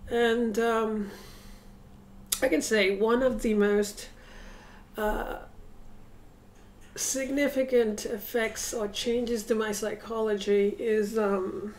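A woman's voice: fairly high pitch, darkish tone, a little hiss or hum. A woman talking casually to a camera set up across a room at home, reflective and rambling, with many hesitations. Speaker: vlogger. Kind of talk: casual vlog monologue.

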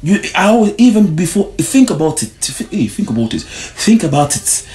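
A man's voice: high voice, big pitch swings, normal speed, a little mellow. Preachy man with swooping emphasis. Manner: preachy, repeats short warnings. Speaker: vlogger. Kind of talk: motivational monologue to camera.

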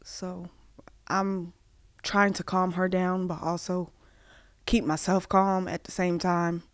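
A woman from Massachusetts, a podcast guest, telling a personal story haltingly with many fillers and restarts, acting out the dialogue she quotes. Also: on the low side, flat delivery, dry recording, clean studio sound.

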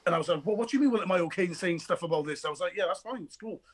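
High-voiced actor, restless and excitable, tells stories acting out every line. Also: male voice, racing, slight background noise. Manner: energetic, restless storyteller who acts out quoted dialogue. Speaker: actor interviewed about his film. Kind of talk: animated anecdotal chat.

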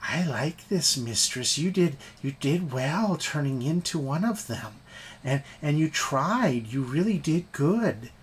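A man's voice: fairly high pitch, animated, takes it slowly, noisy background. A man voicing a small, eager, childlike male pseudodragon who talks in broken, simple grammar. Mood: friendly.

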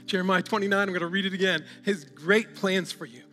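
A male pastor preaches a sermon to his church in a high, bright, ringing voice at a slightly fast pace. He exhorts and calls out to the congregation and frequently breaks into laughter, while a large hall's long reverb and faint music sit underneath.

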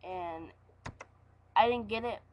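A young woman who is sick and congested, chatting casually on a home webcam. She giggles as she explains the jokes, and her voice sits at an ordinary middle pitch. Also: slow pace, a little mellow, a little hiss or hum, poor audio. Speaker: web show co-host. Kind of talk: casual chat.

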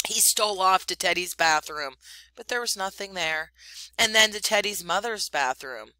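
Bright-voiced woman reading a story aloud. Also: medium pitch, moderate pace, no room sound, low-quality recording. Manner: expressive, animated storytelling. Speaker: teacher.

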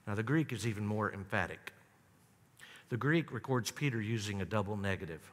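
A man preaching a sermon, telling the story dramatically and swinging from high, loud emphasis down to low, hushed lines. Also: a little fast. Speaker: pastor. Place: church sanctuary. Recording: long church reverb.

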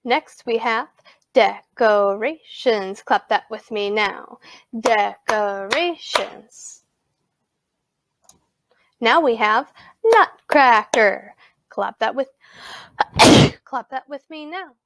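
A woman teaching a virtual music lesson to young children, giving slow, clear instructions. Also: a little high, fairly bright tone.

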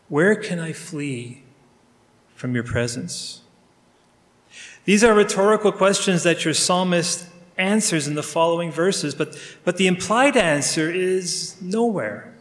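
Man praying out loud in a sermon, earnest and personal, kinda high voice, big echoey church. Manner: earnest, intimate, addressing God directly. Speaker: pastor. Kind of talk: spoken prayer in a sermon. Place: church sanctuary. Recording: long reverb of a large room.

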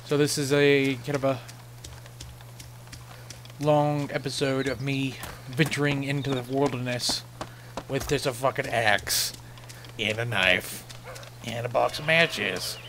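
A man's voice: mid-range voice, steady tone, slow, creaky, long pauses, fairly bright tone, a little hiss or hum. A young man giving casual, rambling commentary over a survival game, sarcastic and swearing freely. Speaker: gaming channel host.

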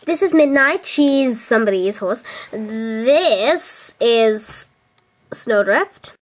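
A woman's voice: fairly high pitch, expressive, drawn-out words. A young woman clowning as a scatterbrained stable owner on a home-video tour, full of whoops and "like" fillers. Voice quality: giddy, squealing whoops, valley-girl "like" fillers. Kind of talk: silly improvised home-video comedy tour.

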